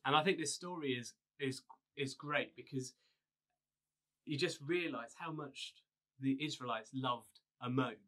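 A man pastor giving a video sermon, retelling a story in a relaxed, conversational way with frequent fillers. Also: mid-range voice, unhurried.

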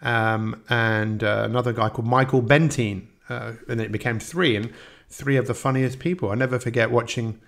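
Male podcast host, earnest rambling monologue, gravelly, chuckles often. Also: medium pitch, steady tone, normal speed, fairly bright tone. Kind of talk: personal reflective monologue.

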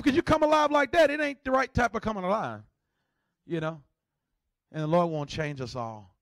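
High-pitched guy preaching, jokey, goes from shouting to almost whispering, dry close sound. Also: moderate pace, vocal fry, no room sound. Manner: animated, joking, swings between shouting and hushed asides. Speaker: pastor. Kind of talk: sermon.

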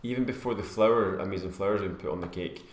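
Deep-voiced relaxed man, echoey room. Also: racing. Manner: relaxed, enthusiastic remarks. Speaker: live stream co-host. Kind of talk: casual live stream chat.

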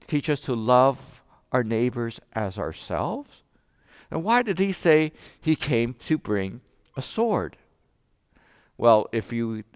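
A man preaching a sermon as pastor, telling a joke and then explaining scripture with animated rhetorical questions. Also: medium pitch, no echo, clean studio sound. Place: church sanctuary.

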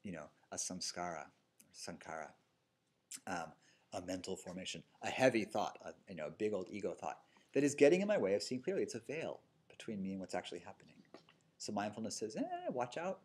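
Male meditation teacher, husky low voice, lively swooping delivery, conversational dharma talk in a studio. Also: brisk. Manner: casual, storytelling, tags lines with "right?" and "you know". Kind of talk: dharma talk to a live group. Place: yoga studio with a seated audience.

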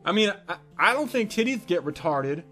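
Brash, high-voiced profane male storyteller. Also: big pitch swings, normal speed, bright, forceful tone, soft background music. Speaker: comedic storyteller. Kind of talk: crude comedic storytelling monologue.

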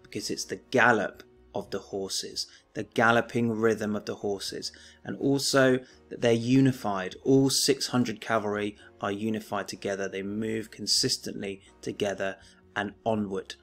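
A male teacher gives a remote lesson, reading verse aloud with weight and then annotating it in plain, steady explanation. His voice sits on the low side. Soft music plays faintly underneath. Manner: measured, declaiming the poem, then explaining plainly.

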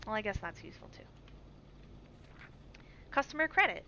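A woman's voice: medium pitch, sing-song, moderate pace, pushed and bright. A woman streamer giving chatty, jumpy live commentary while playing a survival game, reading on-screen text aloud. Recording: dull stream mic with faint hiss.

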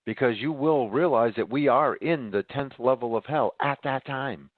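A winded man preaches emphatically to his podcast audience. His voice sits at a middle pitch. It comes through a dry, tinny line that sounds like a phone call. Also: moderate pace, no echo. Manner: emphatic, addresses listeners as ladies and gentlemen. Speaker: podcast host. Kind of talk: preaching monologue.

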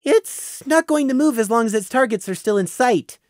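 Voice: mid-range voice, lively intonation, normal speed, darkish tone, no echo, studio quality, pitched above the performer's own voice, close to an everyday voice. A man voicing a young male lamb who explains things in a cutting, matter-of-fact way. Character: young male lamb, sharp-tongued and knowing.

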